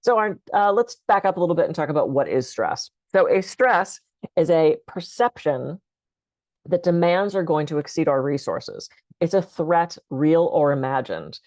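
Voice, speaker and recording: A woman speaker on a video call, calmly and conversationally guiding listeners through breathing techniques for stress. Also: fairly low pitch, moderate pace, dry recording. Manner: calm, conversational, gently instructive. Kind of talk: guided breathing talk.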